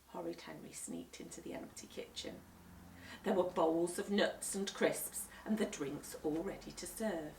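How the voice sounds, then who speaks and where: A woman reads a children's story slowly, her voice lively and bright. It sounds roomy and a little distant, as if the mic sits across the room. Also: lowish voice, gravelly, a little hiss or hum. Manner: expressive, slow storytelling. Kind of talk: reading a children's book aloud.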